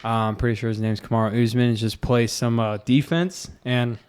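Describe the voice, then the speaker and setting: A male podcast host with a smooth, clear voice in an easygoing chat. He tells stories with real energy and acts out what others said, his voice at a middling pitch. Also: fairly quick. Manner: animated storyteller, acts out quotes loudly.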